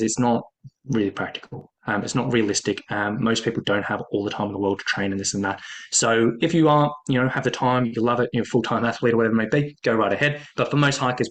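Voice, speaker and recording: Fast-talking casual male fitness coach. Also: medium pitch, a bit bright. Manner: quick, casual and repetitive, stacking "really, really" and "essentially". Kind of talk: explaining a training method to hikers.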